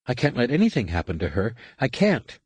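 A man voicing a remorseful young woman who speaks softly and pleadingly. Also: mid-range voice, wildly swooping pitch, a little fast, breathy edge, dry recording, voice pushed up, exaggerated voice.

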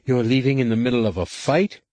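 A man voicing a skeptical, sharp woman starship officer in an audiobook. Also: mid-range voice, brisk, no room sound, voice pushed up, natural voice.

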